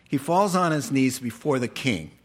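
A man preaching a sermon, telling a story and acting out the characters' lines with animated delivery. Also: mid-range voice, moderate pace. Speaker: pastor.

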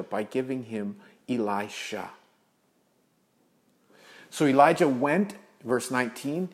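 A male pastor preaching a sermon, earnest, building to emphasis and then dropping soft. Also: medium pitch.

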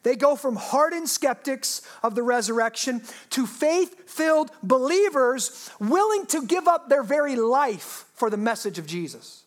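A woman pastor preaching a sermon in a lively, humorous way, asking her listeners rhetorical questions. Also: high voice, unhurried, hardly any pauses.

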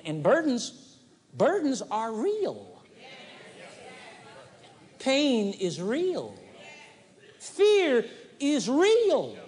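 A high-pitched male preacher delivers a folksy, animated sermon, acting out little scenes. The 1980s live recording from a large arena carries a long, lingering reverb.

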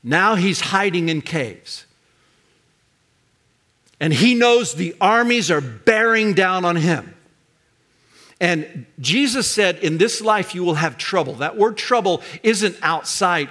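An older pastor delivering a sermon in a high, bright voice. He speaks emphatically and swings up into loud, ringing cries on the words he wants to land.

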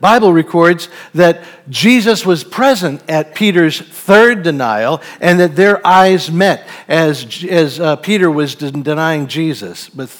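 A man's voice: fairly high pitch, animated, takes it slowly, hardly any pauses. A man preaching a sermon, reading a Bible passage and then reflecting on it in an earnest, thoughtful way.

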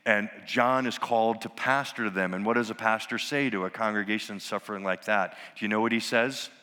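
Ein Mann predigt mit heller, kraftvoller Stimme in einer Kirche mit langem Nachhall, mal laut ausrufend, mal fast flüsternd. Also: male voice, on the low side. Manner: dramatic, swinging from loud exclamations to hushed near-whispers. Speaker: pastor. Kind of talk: sermon. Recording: long hall reverb.

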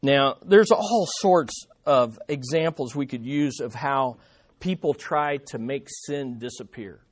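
A man preaching a sermon as pastor, emphatic, repeating key phrases and slowing down on the main points. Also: mid-range voice. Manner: slows down on key statements.

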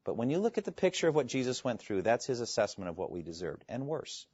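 An earnest man preaching a sermon, his pitch rising and falling in lively swings. His speech is emphatic, with quoted scripture and dramatic pauses. The recording is dry and a little dull. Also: husky, no room sound.

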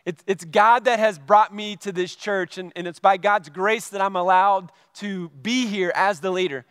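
A middle-aged male pastor preaching a sermon, telling a story and acting out his own reactions with lively energy. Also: high-pitched, moderate pace, smooth, dry recording, studio quality, big-room sound.

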